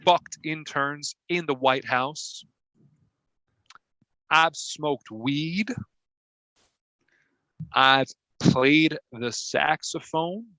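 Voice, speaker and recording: A man doing an improvised impression of a crude, boastful Southern ex-president, drawling slow brags and rude insults in a Southern accent. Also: fairly high pitch, bright, forceful tone, no echo, heavily acted, low-quality recording. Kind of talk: improv comedy.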